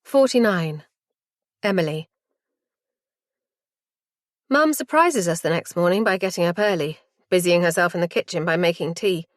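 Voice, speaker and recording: Woman reading a hushed thriller. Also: on the low side, normal speed, pauses often, no echo, studio quality. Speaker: audiobook narrator. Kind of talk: first-person thriller narration.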